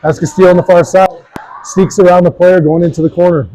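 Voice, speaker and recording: A man doing play-by-play for a youth hockey game, brisk and joking, reading sponsor spots between plays. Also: high voice, steady tone, mellow, slight background noise, low-quality recording. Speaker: play-by-play commentator.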